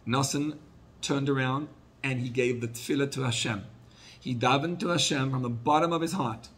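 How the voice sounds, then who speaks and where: A male rabbi telling a story in a sermon, acting out the people he quotes and dropping his voice low for sad moments. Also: normal speed, fairly bright tone, slightly rough.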